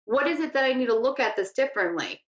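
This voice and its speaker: A woman's voice: high-pitched, expressive, fast. A woman hosting a psychic talk show, teaching in a casual, chatty way that often drifts off topic. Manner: chatty, laughs easily, wanders off topic. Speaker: psychic radio host. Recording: echoey lo-fi room sound.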